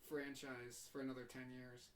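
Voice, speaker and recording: A man's voice: mid-range voice, little pitch movement, normal speed. A young man co-hosting a podcast, talking casually and often trailing off mid-sentence. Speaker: podcast co-host. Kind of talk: casual chat. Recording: faint background noise.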